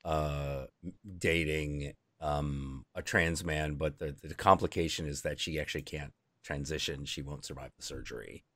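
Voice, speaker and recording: A man's voice: rumbling low, moderate pace, no echo. A man hosting a live stream, chatting casually and candidly, swearing freely as he tells stories. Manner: candid, swearing, animated storyteller. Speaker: stream host.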